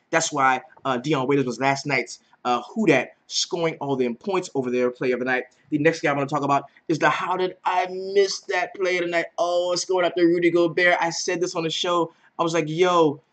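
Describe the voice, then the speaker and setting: A man hosting a casual daily fantasy basketball breakdown, animated and slangy, swearing freely. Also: a little high. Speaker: daily fantasy sports host. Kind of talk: casual sports betting breakdown.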